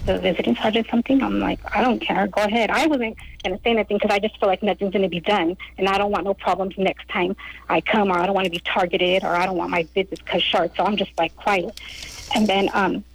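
Woman with a gravelly edge, telling it straight. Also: medium pitch, steady tone, fast talker, poor audio. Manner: fillers, retells scenes in quoted dialogue. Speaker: family member of a prisoner, radio guest. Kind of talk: personal account on a live radio program.

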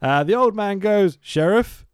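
A man's voice: mid-range voice, sing-song, fairly quick, darkish tone, dry recording, studio quality. A man hosting a casual podcast, swearing often and laughing as he talks. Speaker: podcast host. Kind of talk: casual chat.

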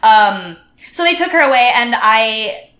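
A woman's voice: on the high side, a little slow, reverberant. A woman telling a long story as a podcast guest, acting out the people she quotes and restarting her sentences often. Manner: animated, acts out quotes, many restarts. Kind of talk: casual storytelling chat.

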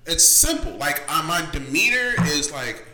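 A man's voice: a little high, very animated, normal speed, crowd noise. A man co-hosting a casual chat, laid-back and profane, talking openly about his feelings. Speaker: podcast co-host. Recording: roomy echoing room.

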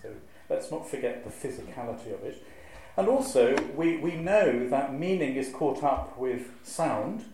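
A man, a clergyman, giving a lively, wry lecture to a live audience and reciting verse with a strong rhythm. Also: medium pitch, unhurried, a little hiss or hum. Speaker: clergyman giving a talk on preaching. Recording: very echoey hall, faint ambience.

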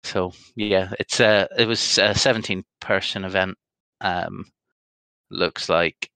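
A man's voice: low-pitched, fairly even intonation, slow pace, gravelly, pushed and bright, no echo. A man co-hosting a podcast, chatting casually and rambling through results with many ums. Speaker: podcast co-host. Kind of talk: casual chat.

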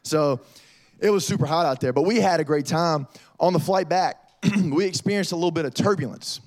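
Lively youth pastor, man. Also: fairly high pitch, fairly quick. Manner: lively storytelling, addresses audience as y'all. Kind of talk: youth sermon.

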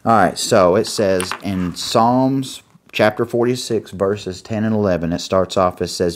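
A man preaching an earnest sermon, pausing to find his place and reading scripture aloud. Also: deep voice. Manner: earnest, reads scripture aloud with pauses while finding pages.

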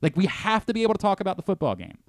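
A man's voice: sits high, wildly swooping pitch, rapid-fire, no echo, studio quality. A male sports radio host arguing in a heated, lecturing way, often stammering and restarting his sentences. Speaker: radio host and director of programming.

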